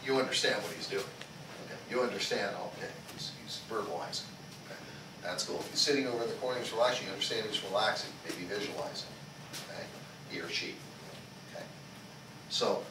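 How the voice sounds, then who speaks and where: Man instructor with a lively, questioning voice. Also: on the low side, far from the mic. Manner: repeats "okay?" after nearly every sentence; asks the class questions and leads group chants. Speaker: martial arts instructor. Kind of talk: teaching a small class. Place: karate school training hall. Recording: echoey hall recorded from afar with background noise.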